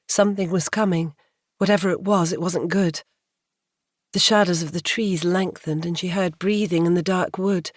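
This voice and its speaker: A woman narrating a romance audiobook in a measured, atmospheric way. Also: lowish voice, fairly even intonation, no room sound, clean studio sound. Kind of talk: scripted narration.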